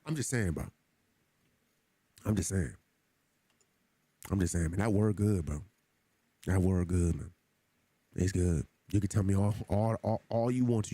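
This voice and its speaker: In a dry recording, a man streaming a game speaks to his chat in a low, warm, slightly rough voice, unhurried and pausing often. The casual livestream talk is earnest and preachy, and he repeats himself a lot.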